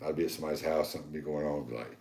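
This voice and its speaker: A man's voice: a bass voice, steady tone, very fast, a little mellow, roomy sound. A man with a Southern accent from North Carolina, co-hosting a podcast in casual chat, rambling with many fillers. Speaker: podcast co-host.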